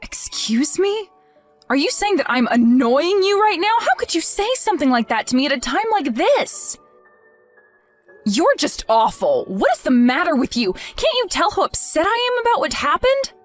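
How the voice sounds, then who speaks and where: A woman's voice: high voice, very animated, moderate pace, faint music behind. A woman voicing a heartbroken young wife in an acted text story, pleading and stammering over her words. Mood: indignant.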